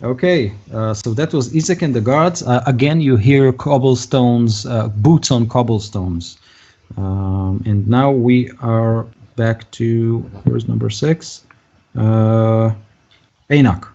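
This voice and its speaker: A man narrating as game master of a tabletop game, halting and full of filler sounds. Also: mid-range voice, warm tone. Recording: dull lo-fi recording.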